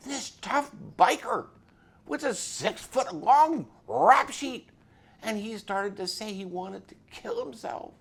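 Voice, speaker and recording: A man's voice: sits high, gravelly, a bit bright. A man, a police officer, telling his faith story in a dramatic way and acting out the people in it. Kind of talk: animated storytelling testimony.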